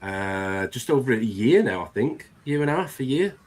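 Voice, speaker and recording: A man's voice: medium pitch, big pitch swings, moderate pace, darkish tone. A man hosting a live-stream chat, talking in an earnest, rambling way. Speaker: host.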